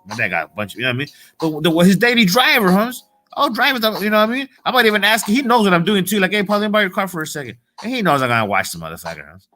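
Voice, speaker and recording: Fired-up man cursing, bright voice. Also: high-pitched, wildly swooping pitch, very fast, soft background music. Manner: profane, heated, repetitive street slang. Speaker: motivational vlogger. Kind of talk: casual motivational rant.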